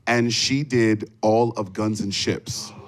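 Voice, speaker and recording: A stage actor on a panel, telling a fan story in an easygoing, chatty way. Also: male voice, fairly low pitch, fairly even intonation, slow pace. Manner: easygoing, chatty, many fillers. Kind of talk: relaxed anecdote.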